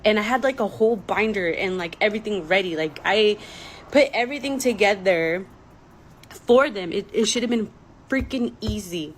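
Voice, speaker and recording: A woman's voice: mid-range voice, lively intonation, moderate pace, slight background noise, rough recording. A young woman telling a personal story in a casual vlog, emotional and rambling, with many "like" fillers. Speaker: storytime vlogger.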